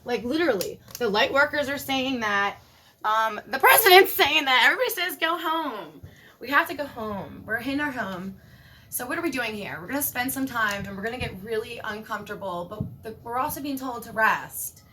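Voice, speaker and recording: A woman giving a casual spiritual monologue, animated and emphatic, swearing casually. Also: fairly high pitch, fairly quick, slight background noise. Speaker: spiritual vlogger.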